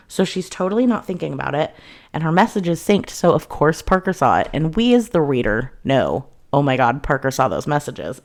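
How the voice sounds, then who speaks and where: A young woman casually recapping a novel's plot, chatty and full of "like," lightly acting out the characters' lines. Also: deep voice. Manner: chatty, many "like"s, acts out quotes lightly. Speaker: book reviewer.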